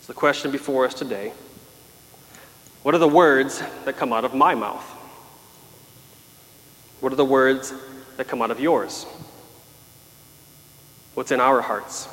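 A man's voice: mid-range voice, fairly bright tone. Male preacher, emphatic sermon delivery, voice ringing in a big reverberant hall. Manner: emphatic, dramatic voicing of pleas.

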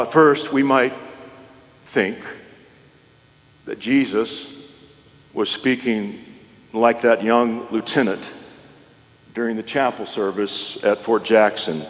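A male pastor delivering a sermon in a church, with measured pauses and rising emphasis. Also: mid-range voice. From New Mexico. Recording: long reverb of a hall.

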